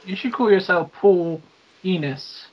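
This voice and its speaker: A man's voice: measured pace, slight background noise. A man co-hosting a podcast, tossing out silly joke names and bits in casual chat. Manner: joking, pitching silly bits. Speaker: podcast co-host. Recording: dull lo-fi sound.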